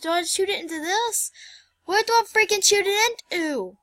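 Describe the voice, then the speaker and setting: Young woman, gameplay host; high, bright voice, flustered and excitable, dry close recording. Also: moderate pace, no echo, faint music behind. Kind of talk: casual let's play commentary.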